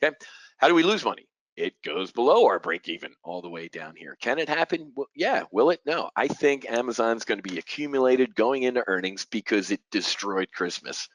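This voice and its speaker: With an expressive, fairly quick medium-pitched voice, a middle-aged man runs a live options-trading webinar. He addresses the audience head-on, punchy and direct, throwing out rhetorical questions and fighter-pilot jargon; the recording is dry and poor.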